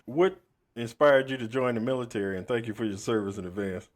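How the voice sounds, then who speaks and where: A man's voice: medium pitch, a little fast. Easygoing male podcast host. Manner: easygoing, agreeable, backchannels a lot. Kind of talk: casual interview chat.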